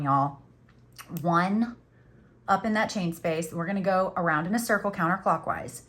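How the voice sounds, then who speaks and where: A middle-aged woman with a lowish, slightly bright voice hosts a crochet tutorial. She chats casually, teases herself as she works, and says "y'all."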